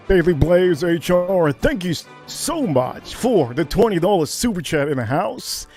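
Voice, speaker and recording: Male livestream host, high animated delivery, repeats himself, hypes the chat. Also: unhurried, hardly any pauses, over music. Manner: hyped, repetitive, shouts catchphrases.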